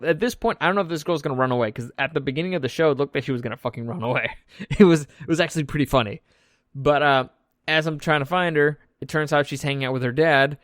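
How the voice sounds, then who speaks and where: A man's voice: medium pitch, a bit bright, clean tone, dry recording, clean studio sound. A young man casually recapping an event in a loose, joking way, swearing freely as he tells the story. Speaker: vlog host recapping an event.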